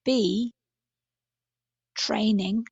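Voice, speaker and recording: Gravelly, husky woman. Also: medium pitch, steady tone, a little mellow, dry recording, muffled recording. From England. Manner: thoughtful, halting with many fillers and restarts. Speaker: guest. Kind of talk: podcast interview.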